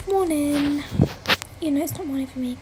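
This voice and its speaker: A woman's voice: high-pitched, fairly even intonation, normal speed, very noisy. A teenage girl with an English accent, chatting casually on a phone livestream and reading out viewers' comments, with lots of "like" and "mate". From Britain. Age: teens. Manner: chatty, giggly, says "like" and "mate" a lot. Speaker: livestream host.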